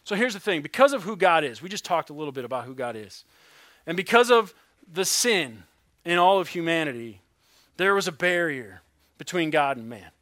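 Pastor, male, high bright voice, earnest sermon delivery with hushed emphasis, dry close sound. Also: very animated, dry recording. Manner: earnest preaching, drops to a hush on key words; reads scripture slowly and deliberately.

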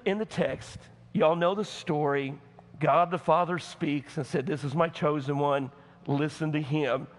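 A man pastor with a Southern accent preaching a folksy sermon, speaking straight to the congregation and swinging from hushed tones to shouting. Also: on the high side. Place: church. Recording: long church hall reverb.

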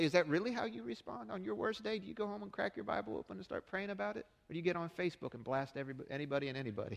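A middle-aged man preaches as pastor in a church sanctuary, keeping it conversational and posing rhetorical questions to his congregation. His higher voice carries vocal fry, and the space sounds like a large hall.

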